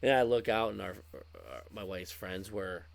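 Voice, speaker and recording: Swearing, animated male podcast co-host. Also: low voice, unhurried, creaky, dry recording. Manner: swears freely, acts out angry outbursts. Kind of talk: casual chat.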